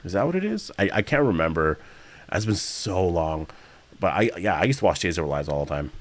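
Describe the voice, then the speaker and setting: Male streamer, very low voice, dry close sound, rambling chat Q&A. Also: sing-song, fairly quick, dry recording. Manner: rambling, chatty, frequent fillers and self-corrections; sometimes yawning mid-speech. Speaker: streamer reading live chat. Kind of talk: casual livestream Q&A.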